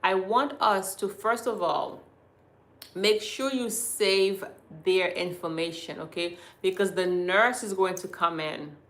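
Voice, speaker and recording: A woman's voice: medium pitch, a bit bright. A woman from Haiti, whose first language is Haitian Creole, hosting a hospice livestream, reading viewer comments and talking to them affectionately as her beautiful people. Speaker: hospice channel host.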